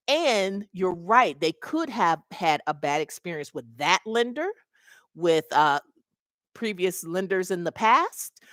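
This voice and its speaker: A woman's voice: deep voice, a bit bright, no room sound, studio quality. A middle-aged woman and mobile notary mentor, telling a story casually to her webcam and acting out the voices of the people in it.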